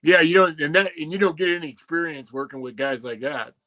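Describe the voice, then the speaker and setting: A man's voice: fairly high pitch, fairly quick, sharp tone. A man hosting a casual interview podcast, asking eager questions and swearing constantly. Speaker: podcast host.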